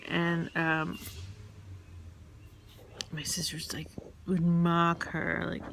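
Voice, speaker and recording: A woman from New York telling rambling, candid personal stories, halting with fillers and restarts. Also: lowish voice, monotone, vocal fry, a bit bright, a little hiss or hum. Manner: candid, confessional. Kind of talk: casual personal storytelling.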